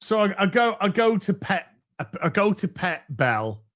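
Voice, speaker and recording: A man's voice: sits high, big pitch swings, moderate pace, a bit bright. A man hosting a live stream who chats casually to his viewers, swearing freely and often restarting his phrases. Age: middle-aged. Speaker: livestream host.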